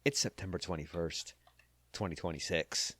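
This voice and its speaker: A man's voice: low-pitched, normal speed, a bit bright, breathy edge, no echo. A man hosting a podcast, chatting casually in a jokey, self-deprecating way with rambling asides, then reading a listener email aloud into a studio microphone. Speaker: podcast host.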